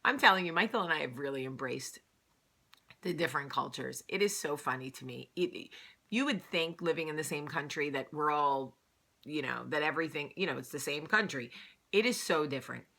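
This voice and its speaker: A woman's voice: low-pitched, a little fast, sharp tone. A woman with a New Jersey accent hosting a casual morning vlog, chatty and rambling, laughing at herself often. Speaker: vlog host. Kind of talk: casual morning chat to camera.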